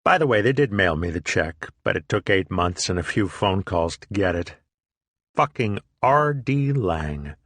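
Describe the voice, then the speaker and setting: Low, sardonic male memoir reader. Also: big pitch swings, a little slow, fairly bright tone, dry recording, clean studio sound. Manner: profane, sardonic and self-deprecating. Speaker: audiobook reader. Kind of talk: first-person memoir narration.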